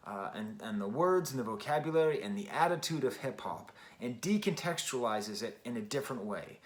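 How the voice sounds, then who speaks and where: A man giving a casual spoken record review, thinking aloud with many restarts and fillers. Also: mid-range voice. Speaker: music reviewer.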